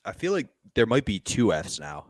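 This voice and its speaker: A man with a very deep voice talks on a podcast in a relaxed, dry way. The recording is close and dead, with no room sound. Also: moderate pace, dry recording. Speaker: podcast co-host. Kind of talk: casual chat.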